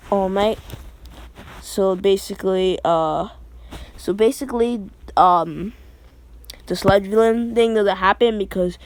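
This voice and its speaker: A woman's voice: medium pitch, darkish tone. Woman, fan storyteller, improvised, rambling, fillers and restarts.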